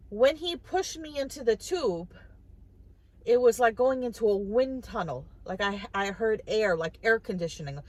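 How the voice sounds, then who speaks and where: Chatty woman with a high voice. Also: normal speed, low-quality recording. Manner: chatty, restarts and repeats words, quotes others. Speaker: vlogger. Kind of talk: casual storytelling to camera.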